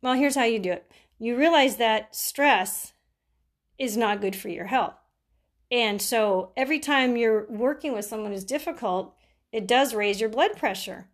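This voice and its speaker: Chatty caregiver woman, fairly high voice. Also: unhurried. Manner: chatty, laughs often, acts out quoted people. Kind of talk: casual advice talk with personal stories.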